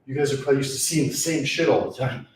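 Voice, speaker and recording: Talking quickly in a medium-pitched voice, a young man keeps up casual conversation during his workout in a small gym. As a fitness vlogger, he sighs and runs short of breath between sets. The sound is reverberant with a little background noise.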